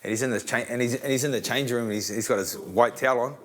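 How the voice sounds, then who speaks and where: A man's voice: mid-range voice, fast. A New man with an ordinary mid-range voice, telling a fight story on a podcast. He swears casually, restarts his sentences and punctuates them with punch sounds. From New Zealand. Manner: animated, profane, full of restarts and sound effects. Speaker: podcast co-host and former boxer.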